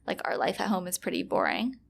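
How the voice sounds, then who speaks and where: Chatty young woman with a gravelly edge. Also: fairly low pitch, big pitch swings, fast, slight background noise. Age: 20s. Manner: chatty, trailing off with fillers. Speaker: podcast co-host. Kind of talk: casual chat.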